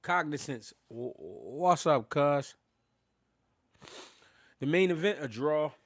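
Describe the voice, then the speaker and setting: A man's voice: fairly high pitch, lively intonation, slow. Loose-talking man hosting a live stream. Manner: loose, laughing, thanks viewers, slangy street talk. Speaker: boxing livestream host. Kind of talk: casual live-stream chat.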